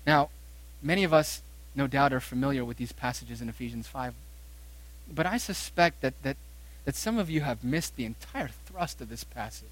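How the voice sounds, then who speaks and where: A man preaching a sermon as pastor, emphatic, repeating phrases and slowing down to stress quoted verses. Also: medium pitch, lively intonation, rough recording.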